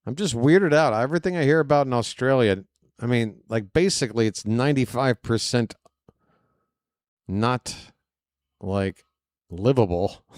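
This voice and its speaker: A man doing fan play-by-play commentary of a baseball game, excitable and prone to rambling asides between pitches. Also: no echo, studio quality. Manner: excitable, shouts on big plays, rambling asides.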